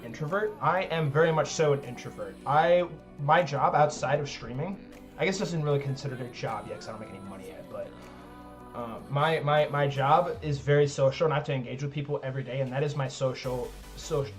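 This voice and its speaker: Hosting a live chess tournament stream with faint music behind him, a man speaks a little fast in a mid-range voice. He keeps it casual and rambling, dropping plenty of "like" fillers and making fun of himself.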